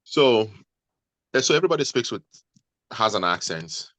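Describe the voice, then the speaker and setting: A man, a guest on a video call, giving measured, deliberate advice to nurses. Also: on the low side, very animated, a bit bright. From Nigeria.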